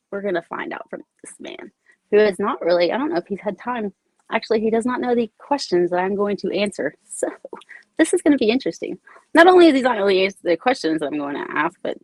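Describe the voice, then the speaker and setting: A woman hosting a casual livestream, bubbly and excited, greeting viewers by name as they arrive. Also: fairly high pitch, no room sound. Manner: bubbly, shouts out commenters by name. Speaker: livestream host. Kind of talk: casual live chat with viewers.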